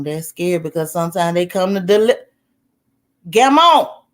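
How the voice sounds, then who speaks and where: A woman livestreaming, casually telling a story to her chat. She is animated, swears freely, laughs as she talks and keeps throwing questions to her viewers. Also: fairly low pitch, normal speed. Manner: laughs while talking. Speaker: live streamer.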